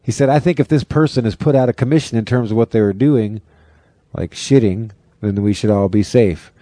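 Low mellow-voiced guy from the pacific northwest, dry jokey podcast banter, dead dry mic. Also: a little fast, dry recording. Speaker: podcast co-host. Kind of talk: casual chat.

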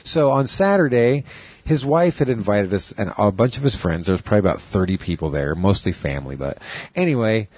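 Husky man rambling through a story. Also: fairly low pitch, lively intonation, brisk, a little mellow, no echo. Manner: rambling anecdotes with crude asides. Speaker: radio show host. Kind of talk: casual on-air chat and storytelling.

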